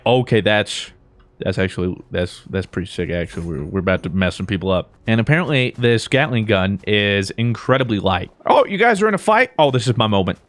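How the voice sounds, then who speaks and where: Excitable gamer man with a lively voice. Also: fairly quick, a little hiss or hum. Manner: excitable, jokey, swings between mumbled asides and high yelps. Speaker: gaming YouTuber. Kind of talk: let's play commentary.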